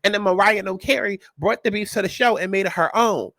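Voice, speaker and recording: A man with a high, bright voice gives a casual reality TV recap. He talks in a sassy, animated, profane way and hammers each point home by saying it twice. The sound is close and dry. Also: brisk, creaky, no echo. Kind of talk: casual commentary.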